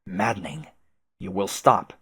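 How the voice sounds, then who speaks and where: A man voicing a haughty, prim young male troll aristocrat who speaks formally and quietly with contempt. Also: sits low, unhurried, slightly rough, dry recording, heavily acted.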